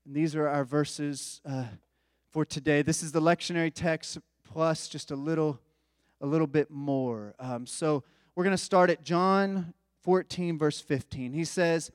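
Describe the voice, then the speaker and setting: A man's voice: a little high, fairly even intonation, a little slow, smooth, no echo, clean studio sound, big-room sound. A man preaching a sermon in a conversational style, with informal asides to the congregation. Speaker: pastor.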